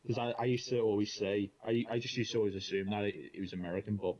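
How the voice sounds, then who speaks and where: Halting man, muffled lo-fi audio. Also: fairly low pitch, steady tone, darkish tone. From England. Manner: halting, restarts phrases often. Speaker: guest on the stream. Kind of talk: casual chat on a call.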